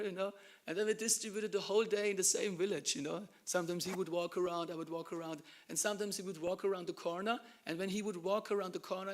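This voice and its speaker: A man from Germany, giving an animated devotional class talk and dropping to hushed asides. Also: sits high. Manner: animated storytelling, acts out dialogue, drops to hushed asides. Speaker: temple lecturer.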